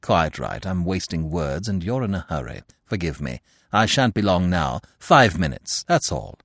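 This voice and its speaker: A man voicing a suave, teasing young gentleman thief who talks in a playful, mock-affectionate way. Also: sits low, big pitch swings, moderate pace, dry recording, clean studio sound, pitched below the performer's own voice, heavily acted. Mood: chatty.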